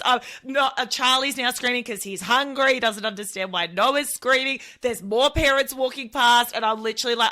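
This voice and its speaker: A woman, a podcast co-host and mother, telling a parenting story in casual chat and acting out her toddler's crying voice. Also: normal speed. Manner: animated retelling, acts out her toddler's shrill crying voice.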